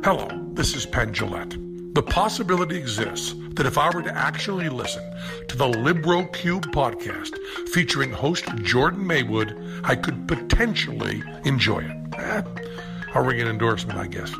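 A man reads a short podcast intro in a wry, sardonic tone. His gravelly voice moves up and down a lot. Music plays under him throughout. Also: mid-range voice, normal speed. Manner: wry, sardonic, lively delivery. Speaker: celebrity guest giving an intro. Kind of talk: recorded sponsor-style intro.

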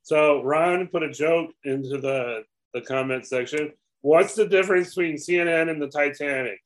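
A man's voice: a little high, normal speed, rough recording. Matter-of-fact man co-hosting a podcast. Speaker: podcast co-host. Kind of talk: casual chat.

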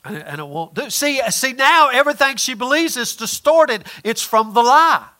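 A man preaching a folksy, emphatic sermon, swinging between loud points and quiet asides. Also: very high-pitched, expressive, normal speed.

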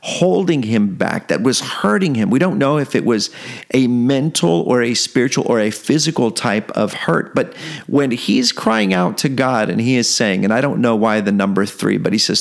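A man's voice: mid-range voice, lively intonation, normal speed, gravelly. A man preaching a devotional sermon, earnest, repeating phrases and building toward fervor.

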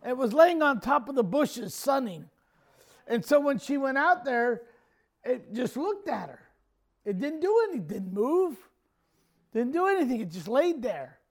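A man's voice: extremely high pitch, sing-song, a little slow. A man preaching a sermon, telling a homely story with a folksy, chuckling manner. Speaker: pastor.

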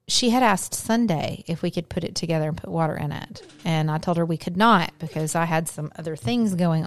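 A middle-aged woman with a fairly low-pitched voice co-hosts a podcast, chatting casually and telling family stories. She's chatty and drops to near-whisper asides, in a dry recording.

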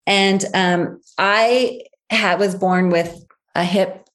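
A woman's voice: medium pitch, fairly even intonation, extremely slow, a bit bright. A woman guest telling a personal family story, emphatic and repeating key phrases, sometimes acting out the voices of the people in it. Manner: acts out others' voices in quotes.

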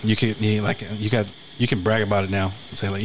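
Animated, laughing male co-host. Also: on the low side, fast, a little hiss or hum, low-quality recording. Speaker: podcast co-host. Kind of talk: casual podcast chat.

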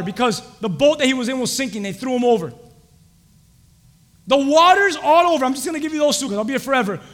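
A young adult man preaching a sermon, quizzing the congregation with fill-in-the-blank questions and rising to shouts. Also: very high voice, in a large hall. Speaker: pastor.

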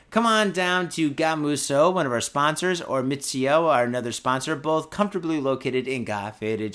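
A man's voice: a little high, fairly bright tone. A tipsy young man hosting a podcast, ranting about the news in a profane, repetitive, comic way. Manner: foul-mouthed, ranting, keeps swearing and repeating himself. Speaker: podcast host. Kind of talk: profane comedic news rant.

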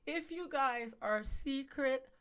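A woman's voice: high-pitched, takes it slowly, a bit bright. A woman hosting a podcast in casual chat, talking to her viewers as "guys" with plenty of ums and asides. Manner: chatty, addresses viewers as guys, many fillers. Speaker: podcast host.

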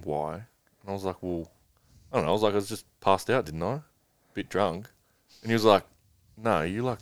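A man's voice: low-pitched, no echo. A young man casually telling a long rambling story as a guest, swearing freely.

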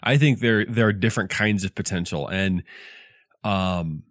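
Low-voiced, self-deprecating man. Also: normal speed, no room sound, clean studio sound. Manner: wordy, self-deprecating, hesitant with ums. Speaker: podcast co-host, high school English teacher. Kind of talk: casual podcast chat.

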